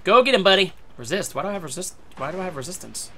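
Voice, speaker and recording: A man giving excitable gameplay commentary who swears a lot and breaks into sudden shouts. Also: high-pitched, racing, slight background noise. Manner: talks to himself and his teammates. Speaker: gaming video creator.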